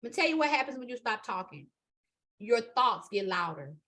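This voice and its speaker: A woman's voice: a little high, sing-song, moderate pace, a bit bright. A woman leading a live astrology class in an emphatic, preachy manner, repeating her points and checking in with "okay?". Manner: repetitive, building emphasis. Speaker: astrology teacher. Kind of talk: live motivational spiritual class.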